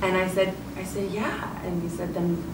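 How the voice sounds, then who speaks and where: A woman, an actress, telling a story in a press interview with excitement and many restarts. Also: lowish voice, a little fast. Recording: roomy, distant, noisy.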